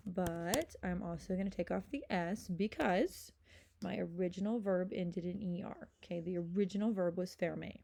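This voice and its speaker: A woman's voice: fairly low pitch, creaky, dark tone, a little hiss or hum. A woman teaching a recorded French grammar lesson, patient and explaining step by step, checking in with "okay?" again and again.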